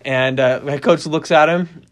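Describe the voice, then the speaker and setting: A young man telling a funny personal story in a casual, animated way, often laughing and restarting his sentences. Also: a little high, unhurried.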